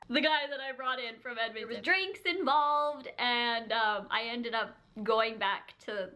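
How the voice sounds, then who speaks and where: A woman vlogger casually telling a personal story to camera, chatty, full of "like" and quick giggles. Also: a little high, very noisy. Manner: chatty, heavy use of "like", frequent giggles.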